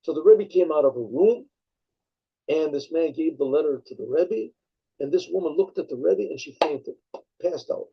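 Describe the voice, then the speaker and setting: A man, a rabbi, telling a story in a rambling way, with frequent restarts and throat-clearing. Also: fairly high pitch, moderate pace. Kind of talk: storytelling talk. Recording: dull lo-fi recording.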